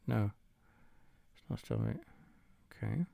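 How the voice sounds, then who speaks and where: A man's voice: on the low side, huge pitch swings, unhurried, vocal fry, mellow, dry recording. A tired man, casually commenting while he plays a game of chess, muttering and swearing now and then. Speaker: gamer playing chess against the computer.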